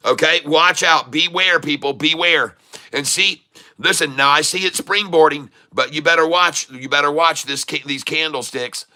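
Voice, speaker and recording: A man with a sharp, higher-leaning voice talks at a moderate pace during a live day-trading commentary stream. He's jokey and laughs a lot while going through chat, then hammers home urgent warnings to viewers repeatedly.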